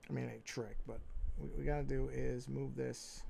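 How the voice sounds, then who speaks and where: A man with a New York accent, livestreaming as he draws, thinking aloud in a relaxed way, muttering to himself and correcting his own moves. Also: mid-range voice, a little fast, vocal fry, slightly rough. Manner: talks to himself, muttering and repeating phrases. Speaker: livestreaming artist. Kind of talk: casual think-aloud commentary while drawing.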